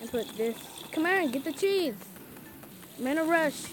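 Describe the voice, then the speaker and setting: Woman, high voice, frantic casual gameplay commentary, pleading to herself, clear sizzling game sounds underneath. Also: lively intonation, normal speed, noisy background.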